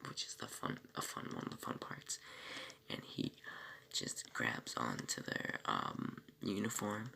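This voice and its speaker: Guy recapping a tv episode, super gravelly voice, lots of ums and restarts, goes off on little tangents. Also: a bass voice, wildly swooping pitch, a little slow, sharp tone, slight background noise. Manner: rambling, many fillers and self-corrections; breaks off for small asides. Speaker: TV episode reviewer.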